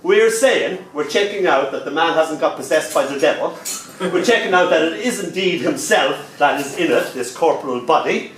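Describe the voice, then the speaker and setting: An older Irish man performing stories and poems live, animated and quick to slip into other voices with sudden leaps in pitch. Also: slight background noise. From Ireland. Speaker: poet and storyteller. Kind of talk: live storytelling and poetry performance. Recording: roomy sound from a distant mic, faint ambience.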